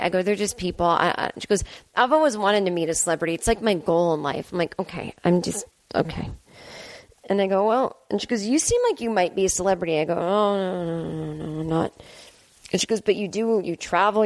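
A woman hosting her own podcast, telling a comic story in a self-deprecating way and acting out both sides of the conversation. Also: mid-range voice. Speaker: podcast host. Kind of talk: solo comedic storytelling. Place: home apartment.

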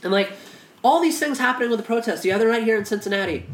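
A man's voice: very high-pitched, expressive, very fast, background noise. A man co-hosting a casual podcast conversation, talking with impassioned, profane intensity and frequent restarts. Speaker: podcast co-host. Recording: echoey room.

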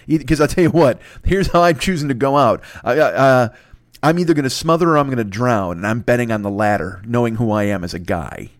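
A man's voice: mid-range voice, lively intonation, a little fast, no echo, studio quality. A man hosting a podcast in a rambling comic monologue, profane and self-mocking, often stammering and restarting his sentences. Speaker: podcast host.

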